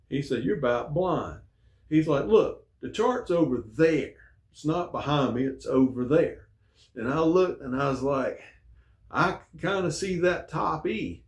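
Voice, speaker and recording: A man's voice: lowish voice, darkish tone. Folksy man spinning a rambling yarn. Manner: rambling, folksy, with many fillers. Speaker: storyteller and show host. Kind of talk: casual spoken storytelling. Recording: echoey room.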